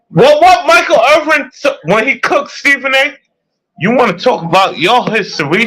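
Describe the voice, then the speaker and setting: A man's voice: very high voice, lively intonation, normal speed, fairly bright tone, rough recording. A young man in a casual, profane sports rant, heated and repetitive. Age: young adult.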